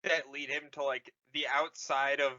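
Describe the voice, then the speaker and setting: Man, podcast host, rambling recap, lots of swearing, bright tone, muffled lo-fi sound. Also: mid-range voice, little pitch movement, normal speed. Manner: rambling, profane, laughing. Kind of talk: casual movie recap.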